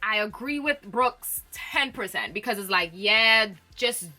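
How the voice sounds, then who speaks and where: Bright-voiced young woman dishing gossip. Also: mid-range voice. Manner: opinionated, animated, laughs often. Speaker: reality TV commentator. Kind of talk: casual gossip recap.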